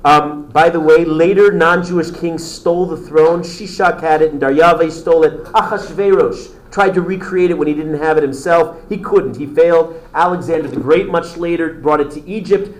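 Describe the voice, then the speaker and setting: Enthusiastic male teacher in echoey classroom. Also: a little high. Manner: enthusiastic storytelling, answers student interruptions. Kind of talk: classroom lecture.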